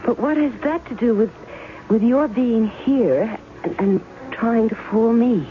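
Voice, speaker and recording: A woman playing a sharp, skeptical estranged wife. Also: a little high, a little slow, natural voice. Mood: stunned. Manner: cool, cutting, probing. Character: sharp, skeptical woman guarding her heart. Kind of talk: 1970s radio drama acting. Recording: tinny narrow-band old radio with music.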